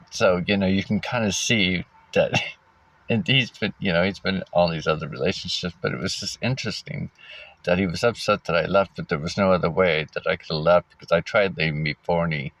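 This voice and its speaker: A man casually telling a personal story, halting often with fillers and restarts and giving wry little laughs. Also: low-pitched, a bit bright, no room sound. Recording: dull lo-fi recording.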